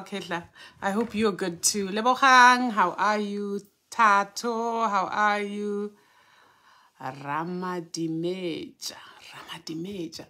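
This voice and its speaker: A woman's voice: medium pitch, pushed and bright. A woman, a spiritual teacher hosting a live stream, who greets her viewers one by one by name before she starts teaching. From Southern Africa.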